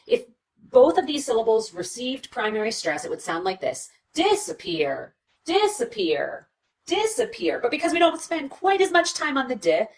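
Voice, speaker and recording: A woman teaching English pronunciation in a lively way, modelling words aloud as she explains. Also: a little high, distant mic, poor audio. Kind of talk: teaching video.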